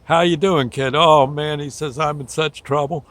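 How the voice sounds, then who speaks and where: A man's voice: on the high side, fairly even intonation, normal speed, fairly bright tone. An older man, a show host, telling a rambling folksy story, often laughing and briefly acting out the people he quotes. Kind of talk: casual storytelling.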